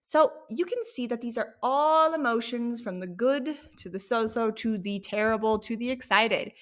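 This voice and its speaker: A woman teaching an online language lesson from home, sounding out each word slowly and checking in with "okay?". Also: a little high. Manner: slow, drawn-out demonstration of words with frequent "okay?" checks. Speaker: Spanish teacher.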